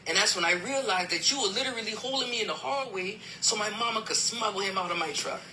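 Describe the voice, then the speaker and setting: A man retelling a family dispute in a heated argument, emphatic and quick to raise his voice when upset. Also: high voice, sharp tone, slight background noise, low-quality recording. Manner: emphatic, retells events with quoted dialogue, voice climbing when upset. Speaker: podcast host.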